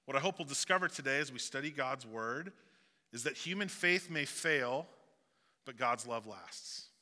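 A man's voice: mid-range voice, expressive, moderate pace, bright, forceful tone. A male pastor with a Southeast Missouri accent, preaching a sermon in a conversational way with joking asides. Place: church sanctuary. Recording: long hall reverb.

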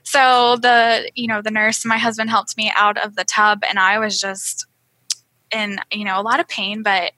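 A woman's voice: mid-range voice, level tone, normal speed, pushed and bright, no room sound, rough recording. A young woman chatting earnestly about a recent birth, with many fillers and restarts. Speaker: guest sharing birth story. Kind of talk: casual chat.

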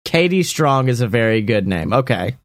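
A man brainstorming a story casually, animated and profane, acting out lines as he goes. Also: mid-range voice, normal speed, no echo.

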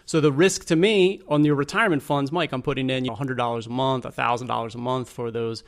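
A man's voice: mid-range voice, steady tone, fairly quick. A man explaining money and risk as a regular guest on a radio interview, in a patient, plain way. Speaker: financial adviser guest.

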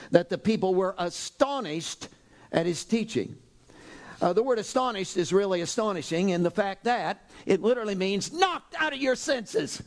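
A man preaching a sermon in an animated, dramatic way, now and then breaking into loud exhortations. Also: high-pitched. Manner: animated, dramatic, shifts into shouted exhortations and acted quotes. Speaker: pastor.

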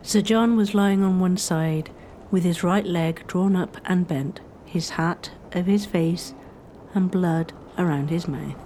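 Female history narrator, mellow tone, measured scripted storytelling, faint noise behind. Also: lowish voice.

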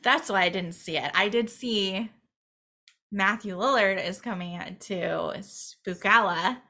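A young woman co-hosting a podcast in easy, chatty conversation. Her voice is bright and forward. She talks in a lively way, packed with fillers. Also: medium pitch, slow. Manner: animated, chatty, many "like"s. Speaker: podcast co-host. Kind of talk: casual chat.

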